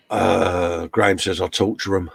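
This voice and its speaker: A man's voice: low-pitched, vocal fry, a bit bright, husky, no echo. A man co-hosting a casual live stream, chummy and joking as he reads out chat comments. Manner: chummy banter, reads chat messages aloud.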